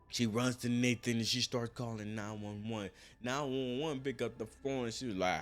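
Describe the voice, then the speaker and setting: A man's voice: medium pitch, steady tone, moderate pace, few pauses. A young man telling a crime story in a casual, slangy, joking way.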